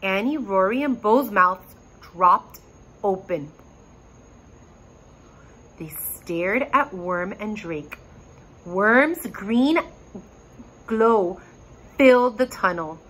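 A woman reads a children's chapter book aloud, her pitch swinging in lively arcs as she tells it. Her tone is bright, her voice slightly husky, and her pace slow and deliberate. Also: low-quality recording. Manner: expressive, animated storytelling. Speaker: reader.

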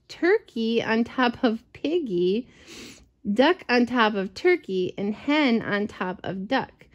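A woman reading a picture book aloud to a child, gentle and expressive, with chatty asides. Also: fairly high pitch, highs cut off. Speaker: storyteller for children. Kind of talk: read-aloud storytelling to a child.

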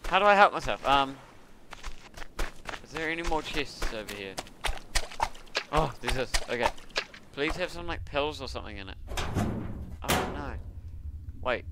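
Excitable man narrating his gameplay, slow-talking. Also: medium pitch, very noisy. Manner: excitable, talks to himself, sudden yelps and laughs. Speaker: gaming video creator. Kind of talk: casual gameplay commentary.

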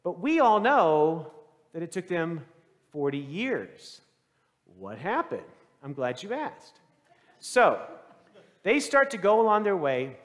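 A man's voice: high voice, sing-song, takes it slowly, long pauses, a bit bright. A male pastor preaching a sermon in a conversational way, quizzing his congregation and acting out the voices in the story. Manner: acts out quoted voices. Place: church sanctuary. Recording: long church reverb.

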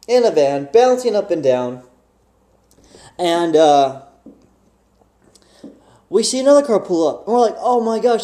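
A young man with a high, mellow voice tells a story casually. He is animated and laughs, acting out the people in his tale. The sound is echoey, like a bare room. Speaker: vlogger.

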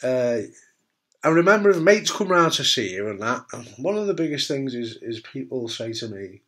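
A man's voice: medium pitch, sing-song, normal speed, fairly bright tone. A man and cancer survivor, talking casually and bluntly to camera, frank and jokey with the odd swear word. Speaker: testicular cancer survivor giving advice.

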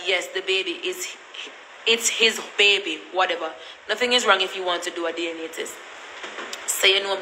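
A woman's voice: mid-range voice, sharp tone, roomy sound, slight background noise, poor audio. A woman with a Jamaican accent telling a story in a blunt, repetitive, cussing rant. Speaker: vlogger.

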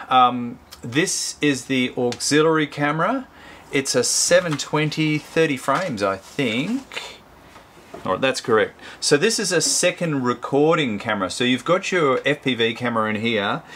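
A man talks through an unboxing in a loose, chatty way, stopping to correct himself as he goes. His voice sits at an ordinary middle pitch. There is a faint hiss of noise behind him. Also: a bit bright. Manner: chatty, rambling, self-correcting. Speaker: host. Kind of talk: casual product review.

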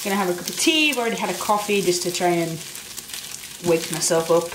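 A woman's voice: mid-range voice, expressive, brisk, roomy sound, very noisy. A woman vlogging casually while cooking in her home kitchen, chatty and rambling with loose restarts. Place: home kitchen with food frying. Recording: frying sizzle under the voice.

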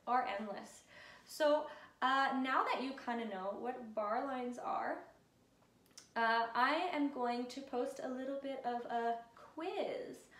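A woman's voice: sits high, far from the mic. A woman music teacher giving an encouraging lesson to children in a classroom, counting and chanting along with them. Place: classroom with whiteboard. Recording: echoey room, voice from afar.

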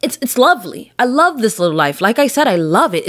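A woman's voice: fairly high pitch, very animated, fairly quick, a bit bright, no echo. Young woman, podcast host, swears freely, rambling chat, dry close sound. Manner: blunt, profane, rambling. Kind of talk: casual solo podcast chat.

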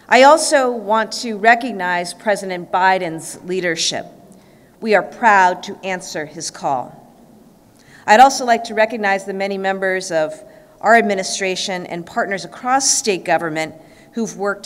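A woman governor giving a measured, formal speech at a press conference. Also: medium pitch. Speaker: state governor. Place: government press event room. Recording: reverberant hall.

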